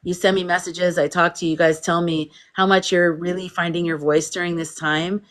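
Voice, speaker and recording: A woman with a somewhat low voice hosts a casual livestream. She chats freely, reads viewer comments aloud and laughs often. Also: level tone, a little fast. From United States. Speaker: livestream host.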